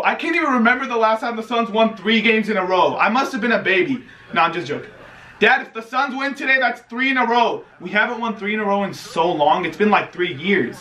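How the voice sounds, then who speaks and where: A man's voice: sits high, animated, fairly quick, pushed and bright. A young man in his twenties reacting live to a basketball game at home, anxious and pleading, swearing and groaning as he talks into a handheld camera. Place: home, indoors.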